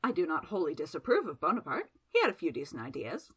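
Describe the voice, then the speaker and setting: Unbothered sardonic male magician, put on by a woman narrator; slow drawl, wide swings. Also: deep voice, huge pitch swings, fairly bright tone, husky, voice pushed down, exaggerated voice. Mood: wry.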